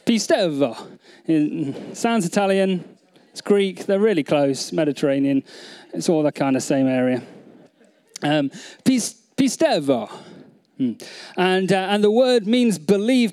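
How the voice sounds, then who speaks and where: Man, high voice, pastor giving a sermon, earnest, repeats himself, questions to the room. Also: lively intonation, unhurried, darkish tone. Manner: earnest, many restarts, repeats phrases, asks the audience questions.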